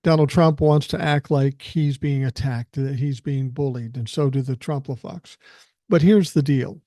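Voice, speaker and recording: An older man hosts his own podcast, delivering a blunt, angry rant thick with profanity. His voice is dark and mellow. The sound is dry and close, with no room around it. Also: medium pitch, measured pace, dry recording. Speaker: podcast host reading listener emails.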